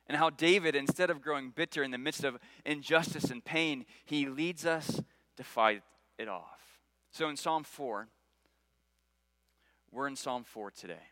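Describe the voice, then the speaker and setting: Earnest man preaching, bright voice. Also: fairly high pitch, measured pace, no echo, poor audio. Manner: earnest, repeats key phrases, rises for quoted prayers. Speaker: pastor. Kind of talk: sermon.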